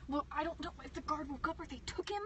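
A woman's voice: high-pitched, fast, fairly bright tone. A frightened, shaking woman, a game show contestant, talking to herself and teammates in a car, repeating phrases and swinging from whispers to shrieks. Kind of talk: unscripted live reactions. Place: inside a parked car. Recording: distant mic with clear background noise.

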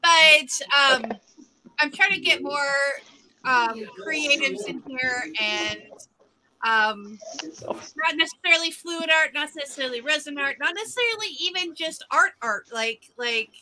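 A woman's voice: sits high, lively intonation, unhurried, bright, forceful tone, poor audio. A woman in her forties hosting a casual livestream chat, rambling with many fillers and restarts. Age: 40s. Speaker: livestream host.

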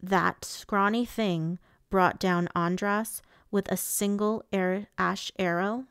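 Scarred male fae courtier, biting and demanding, storybook voice from a woman reader, slow delivery. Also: medium pitch, fairly even intonation, a bit bright, smooth, dry recording, studio quality.

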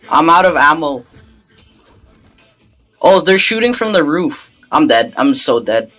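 A man chatting excitedly with friends while playing an online shooter, yelping and laughing under fire. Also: fairly high pitch, a little slow, pauses often, soft background music. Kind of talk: casual gameplay chat.

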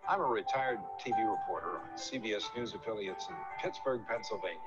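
A retired older man presenting his oral history project in a measured, announcer-like delivery. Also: fairly low pitch. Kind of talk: scripted video pitch. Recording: dull lo-fi audio with loud music behind.

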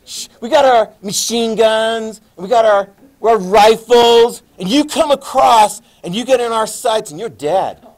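A man's voice: high-pitched, a little slow, voice pushed up. A man voicing a cocky soldier who taunts the enemy from his line. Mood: taunting. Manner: boastful, taunting.

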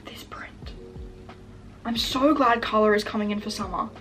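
A woman's voice: medium pitch, quick pace. Gushing young woman unboxing over music. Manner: gushing, excitable, full of fillers like "like". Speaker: vlogger. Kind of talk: casual unboxing chat. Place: room at home. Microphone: camera set up in front of her.

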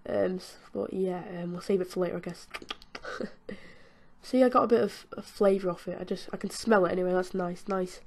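A woman's voice: fairly low pitch, steady tone, a little fast, a little mellow. A British woman giving chatty, giggly commentary while playing a video game, talking to the game's characters as she goes. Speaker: gaming channel host. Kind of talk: casual gameplay commentary.

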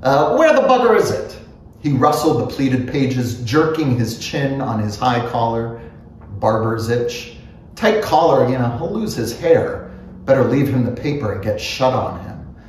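A man giving an unhurried, expressive reading of a literary novel, musing through inner thoughts. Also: medium pitch, recorded from a distance. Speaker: reader. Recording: very echoey room, faint noise.

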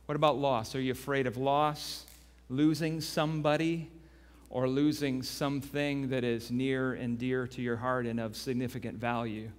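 A man preaching a sermon as pastor. He tells a story with animation and then turns quiet and earnest. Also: medium pitch, level tone, moderate pace. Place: church sanctuary. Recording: long reverb of a church hall.

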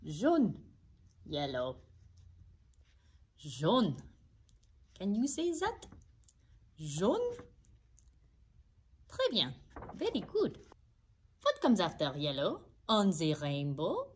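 A bright, friendly furry puppet, played by a woman, teaches little ones in a children's puppet show. Her voice leaps up and down in a big sing-song as she stretches each word out very slowly so the kids can copy it. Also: lowish voice, wildly swooping pitch, breathy edge, heavily acted. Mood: encouraging. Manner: slow, exaggerated, sing-song repeating for kids. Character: cheerful blue-haired furry puppet teacher.

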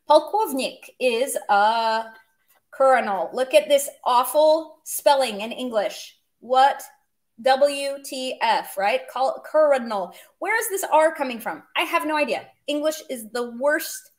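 A woman explaining grammar in a casual online lesson, chatty and joking as she goes. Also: a little high. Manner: chatty, explains with humor and asides. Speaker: language teacher.

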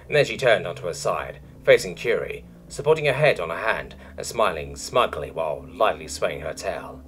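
A man narrating a science fiction story in an expressive, scripted reading style. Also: sits low, moderate pace, few pauses, faint music behind.

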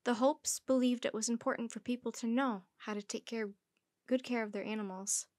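A woman storyteller reading a children's book aloud in a gentle, even narration. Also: fairly high pitch, a little fast, no room sound.

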